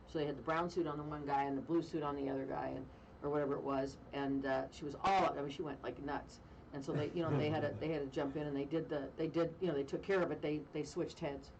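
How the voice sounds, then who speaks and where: A woman radio host telling a funny story in casual chat, animated and self-mocking, with deadpan jokes. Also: sits low, fast talker, distant mic, slight background noise, rough recording. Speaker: radio talk show host.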